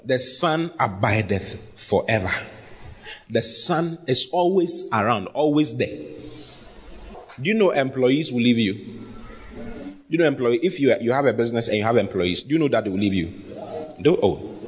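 Lively pastor preaching in a hall. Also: male voice, mid-range voice, normal speed, long pauses. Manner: animated, teasing, repeats phrases for emphasis. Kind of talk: sermon.

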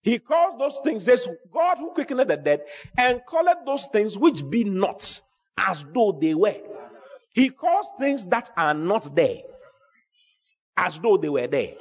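Animated preacher man in a reverberant hall. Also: sits high, a little slow, slightly rough. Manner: animated, emphatic preaching with repeated phrases. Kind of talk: sermon.

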